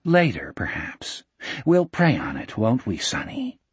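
A sinister preacher with a deep, mellow voice and a falsely gentle calm, spoken slowly and with a husky grain, as a man reading aloud puts him on. Every word drips sanctimony and quiet threat, delivered close and dry like an audiobook. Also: dry recording, heavily acted. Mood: soothing menace. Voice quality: mellow, low and soft. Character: smooth menacing male preacher, falsely gentle.

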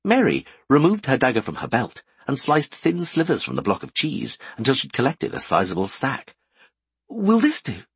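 A man narrating a fantasy audiobook with expressive storytelling. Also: medium pitch, moderate pace, few pauses, breathy edge, no room sound.

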